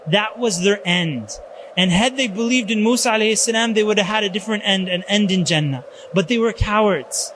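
A man giving a religious lecture, telling stories in an animated way and peppering his talk with Arabic religious phrases. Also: sits high, a little hiss or hum. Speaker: Islamic lecturer.

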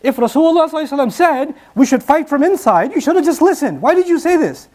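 A man voicing stern older companions who rebuke younger men with sharp rhetorical questions. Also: very high-pitched, animated, rapid-fire, pitched above the performer's own voice. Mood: scolding.

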